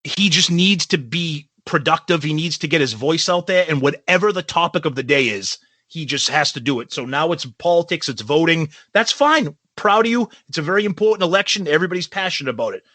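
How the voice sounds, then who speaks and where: Sarcastic guy ranting on a podcast, high bright voice, dry close sound. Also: fast talker, no room sound. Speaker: podcast co-host. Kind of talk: casual chat.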